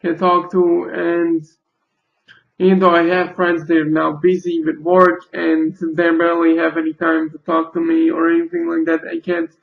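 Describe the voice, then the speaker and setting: A young man crying as he talks in a personal confessional vlog, halting, with broken sentences and repeated curses. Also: fairly high pitch, monotone, gravelly, roomy sound. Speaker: video creator. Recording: dull lo-fi recording.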